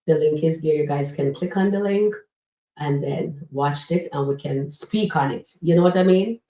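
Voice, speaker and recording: A woman with a low-pitched, dark-toned voice speaks at a moderate pace while hosting a live stream of comedy skit reviews. She's chatty with her viewers, calls them "guys," and uses frequent fillers. She's far from the mic, and the room echoes.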